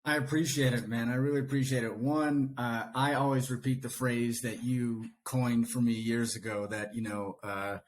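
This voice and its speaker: A man who is a coach, a podcast guest, speaking earnestly and reflectively in casual conversation, often animated. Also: mid-range voice, moderate pace, hardly any pauses, a little hiss or hum.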